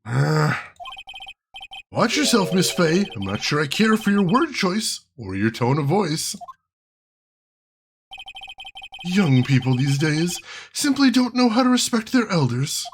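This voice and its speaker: A man's voice: a little high, sing-song, measured pace, slight background noise. A man voicing a fussy elderly male judge in a courtroom game, speaking in a stiff, scolding, formal way.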